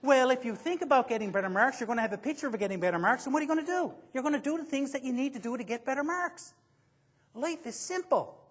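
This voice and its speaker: A man speaking to a room full of people at a motivational seminar, his voice husky and a little rough. He jokes as he goes and pulls the audience into the talk with questions. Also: very high voice, fairly bright tone. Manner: joking, quizzes the audience.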